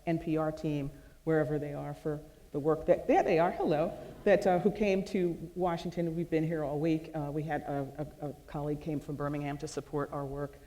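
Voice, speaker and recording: A woman's voice: low-pitched, steady tone, fairly quick, warm tone. Gracious woman moderator in a big hall. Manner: gracious, conversational, stumbles while thanking people. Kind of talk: onstage interview, closing remarks. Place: large event hall with audience. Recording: long hall reverb.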